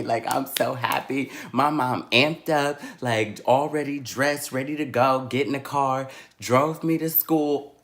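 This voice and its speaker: A man in his twenties tells a story-time vlog in a sassy, animated way. He takes his time with it and leans into the drama. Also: mid-range voice, unhurried. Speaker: vlogger.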